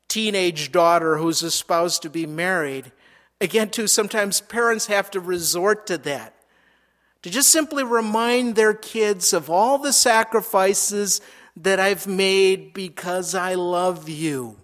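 A man's voice: high-pitched, slow pace, fairly bright tone. A man preaching a sermon, reading scripture verses aloud and explaining them, with frequent small repetitions. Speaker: pastor.

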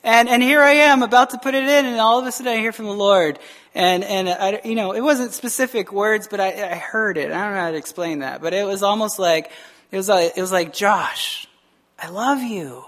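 A man's voice: high-pitched, fairly quick, fairly bright tone. Guy pastor preaching, super casual, earnest, keeps asking the room "right?". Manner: informal, often asks the listeners "right?"; earnest and plainspoken. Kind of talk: conversational sermon with personal testimony.

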